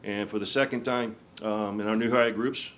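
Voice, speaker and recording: A man, a fire department officer, introducing a colleague at a ceremony in an earnest, measured way with fillers. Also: fairly low pitch, fairly even intonation, fairly bright tone, a little hiss or hum. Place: ceremony with an audience.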